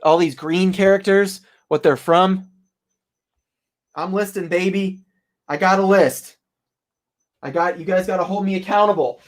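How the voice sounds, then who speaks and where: A young man, an online reseller, chatting casually and excitably to his live-stream viewers, laughing often and talking straight to them. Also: high-pitched, measured pace, long pauses. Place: home office.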